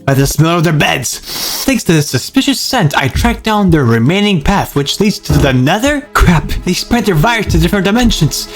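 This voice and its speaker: A man's voice: sits high, big pitch swings, moderate pace. A man doing a voice-over as a mock detective, with a dramatic, over-the-top noir delivery. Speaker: narrator. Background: music.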